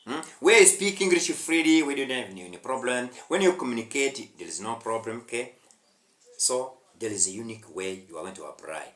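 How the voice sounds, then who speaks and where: A man's voice: fairly low pitch, lively intonation, brisk, fairly bright tone, roomy sound. A man from Rwanda with a Rwandan accent, an English teacher giving a lesson straight to the viewer in a repetitive, preachy way with emphatic swells. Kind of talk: direct-to-camera English lesson.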